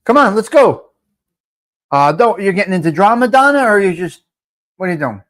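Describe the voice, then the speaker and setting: Man, live-stream host, high voice, loud, swearing, chatty. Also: big pitch swings, brisk. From North Jersey. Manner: loud, profane, talks to viewers by name. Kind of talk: casual live-stream chat.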